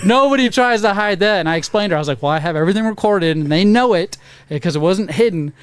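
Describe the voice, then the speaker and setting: A profane man spins a story on a casual podcast, acting out what everyone said. His voice sits high and clean. The sound is dry and close. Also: expressive, fast, smooth, dry recording. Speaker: podcast co-host. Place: podcast studio.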